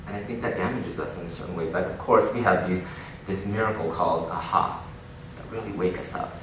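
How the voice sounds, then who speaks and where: Male keynote speaker, low voice, lively storyteller, distant mic in a noisy, echoing hall. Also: fairly quick. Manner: animated storytelling with frequent laughs. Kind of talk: inspirational keynote talk. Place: large conference hall.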